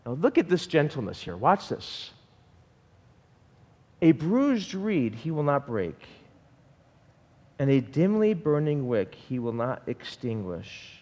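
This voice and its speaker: Male pastor, lively sermon, slightly high voice, long hall reverb. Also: takes it slowly, long pauses. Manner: animated preaching, asking the congregation questions.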